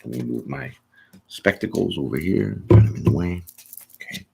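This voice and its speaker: A man's voice: sits low, expressive, moderate pace, creaky, background noise. A man doing a casual, chatty tarot reading, joking and laughing often as he goes through the cards. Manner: chatty, laughs often, jokes and acts out little bits. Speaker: tarot reader.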